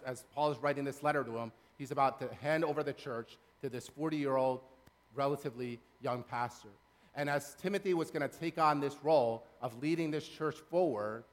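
A man's voice: medium pitch, in a large hall. A man preaching a sermon in a church, earnest, building his points through repeated phrases. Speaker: pastor. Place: church sanctuary.

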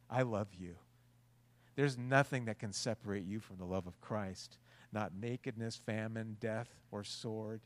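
A male preacher voicing a gentle male spirit from God who speaks tender reassurance. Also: fairly low pitch, lightly acted.

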